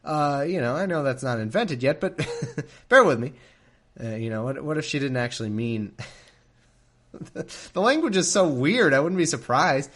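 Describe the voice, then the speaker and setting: A man's voice: on the high side, animated, moderate pace, pauses often, a bit bright. A man reading scripture aloud into a desk microphone, breaking off often for laughing, mocking asides. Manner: sardonic, laughing, frequent asides. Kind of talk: irreverent commentary on a reading.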